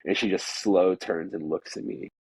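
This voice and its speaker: A man's voice: deep voice, fairly even intonation, normal speed, husky, dry recording, poor audio. A man telling a work story in casual conversation, rambling with many "like"s and restarts.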